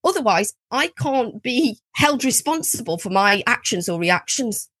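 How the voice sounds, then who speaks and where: A woman's voice: on the high side, expressive, a little slow, fairly bright tone, slightly rough, dry recording. A woman in casual podcast chat who swears freely and laughs often. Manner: laughs often, acts out her own inner voice. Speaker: podcast guest.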